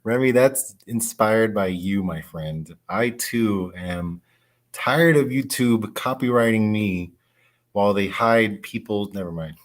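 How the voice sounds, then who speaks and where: Slow-talking low-voiced man, excitable. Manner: excitable, laughs often, slangy. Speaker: comic collector streamer. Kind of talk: casual livestream chat.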